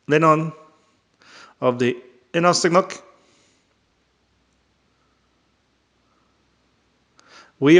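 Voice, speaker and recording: A man voicing a tall male alien trader in a halting, formal way with a faintly Russian-like accent. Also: a little high, fairly bright tone, lightly acted. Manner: slow, halting, formal phrasing.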